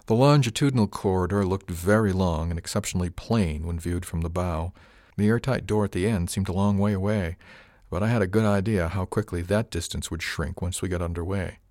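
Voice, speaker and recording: A man giving steady first-person scripted narration of an audiobook. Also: deep voice, dry recording, clean studio sound.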